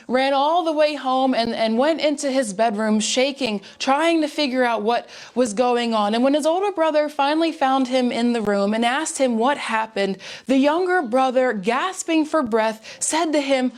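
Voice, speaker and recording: Woman telling jokes at a church service, lively storyteller, high voice. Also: a little slow, few pauses. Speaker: joke teller at a church service.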